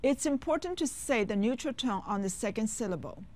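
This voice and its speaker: A woman teaching beginner phrases in a clear, instructive scripted lesson. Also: fairly high pitch, animated, brisk, darkish tone. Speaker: language teacher.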